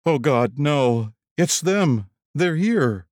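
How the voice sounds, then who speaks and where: A man voicing a desperate, disheveled stranger who speaks in an urgent, strained hush. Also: fairly high pitch, expressive, drawn-out words, no echo, studio quality, voice pushed up. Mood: panicked.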